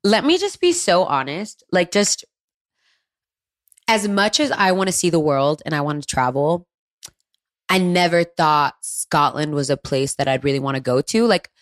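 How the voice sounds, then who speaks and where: Young woman with a really low voice, candid and animated, chatting on a podcast. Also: moderate pace. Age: 20s. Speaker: podcast co-host. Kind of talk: casual chat.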